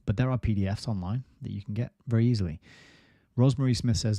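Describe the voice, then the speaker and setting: A man's voice: fairly low pitch, quick pace, vocal fry, mellow, slightly rough, dry recording, clean studio sound. A man hosting a book review livestream, rambling casually and reading viewer comments aloud. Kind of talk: casual live-stream chat.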